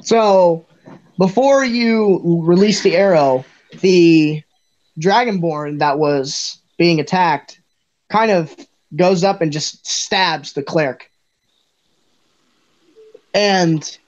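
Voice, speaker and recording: A man's voice: fairly high pitch, darkish tone. A young man running a tabletop game as dungeon master, narrating casually and teasing his players bluntly. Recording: muffled lo-fi recording.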